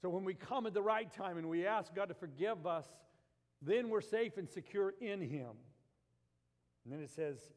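A man's voice: high voice, moderate pace, darkish tone, long reverb tail. A man preaching a sermon as a pastor, mixing scripture with folksy, homey stories and asides. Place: church.

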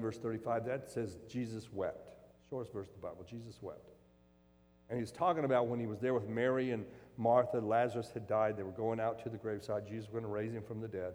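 A man preaching a sermon as a pastor, moving between hushed, slow reflection and loud, rising emphasis. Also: fairly low pitch. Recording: long hall reverb.

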